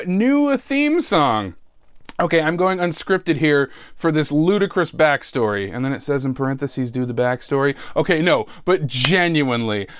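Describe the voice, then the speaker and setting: Animated high-voiced male podcast host. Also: dry recording, clean studio sound. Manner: animated, jokey, wry asides. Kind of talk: casual solo podcast housekeeping.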